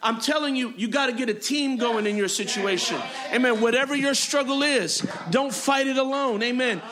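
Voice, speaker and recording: A man's voice: very high voice, normal speed, a crowd in the background. A man preaching a sermon as pastor, driving his points with repeated phrases and frequent amens and hallelujahs. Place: church sanctuary.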